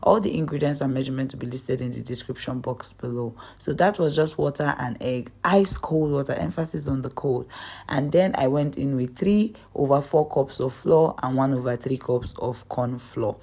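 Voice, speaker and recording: A woman's voice: a bass voice, moderate pace, dark tone, husky. A young woman hosting her own cooking channel, talking viewers through a recipe step by step in a chatty, upbeat way. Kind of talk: recipe tutorial voice-over.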